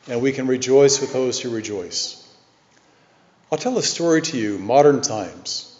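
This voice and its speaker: Man, preacher, earnest measured storytelling, roomy echo, dull lo-fi recording. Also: on the high side, darkish tone. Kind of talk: sermon. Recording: echoey hall, dull lo-fi sound.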